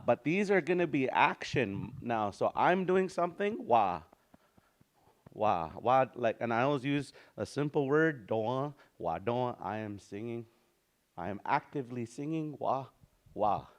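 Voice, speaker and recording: A man teaching a language lesson in a relaxed, easygoing way, slowly repeating words for practice and often restarting his sentences. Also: mid-range voice. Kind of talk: informal spoken language lesson.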